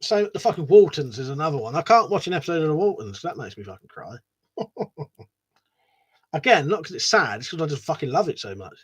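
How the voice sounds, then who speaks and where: A man's voice: on the high side, big pitch swings, brisk, slightly rough. A man hosting a casual live stream, rambling, swearing a lot and laughing as he reads out viewer comments. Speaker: livestream host.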